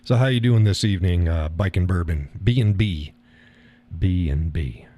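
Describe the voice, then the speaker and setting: A man's voice: low voice, moderate pace, mellow. A man hosting a live stream, talking casually and rambling, chuckling at his own remarks.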